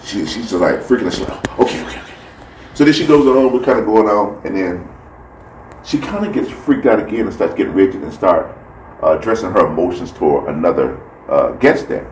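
A man whose voice sits low talks fairly quickly, offering a casual faith talk built around a story in which he performs each character's words. Recorded from a distance in a roomy space, the clip carries faint background noise.

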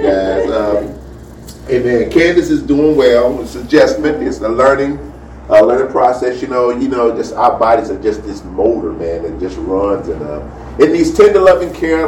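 Chatty pastor, roomy off-mic sound. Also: male voice, on the low side, darkish tone, far from the mic. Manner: chatty, lots of "you know" and "amen". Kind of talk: casual sermon with announcements. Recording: roomy, from off the mic, faint noise.

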